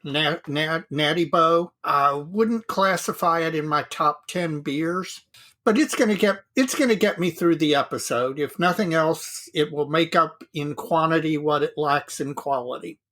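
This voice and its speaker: A man's voice: a little high, measured pace, sharp tone. A man co-hosting a casual hobby podcast, chatting in an easygoing, self-deprecating way. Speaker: podcast co-host.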